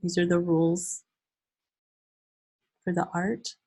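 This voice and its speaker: A middle-aged woman training teachers over a video call, animated and teacherly, acting out classroom routines. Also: on the low side, takes it slowly, slightly rough. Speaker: early childhood behavior trainer. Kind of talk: online class presentation. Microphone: computer mic on a video call.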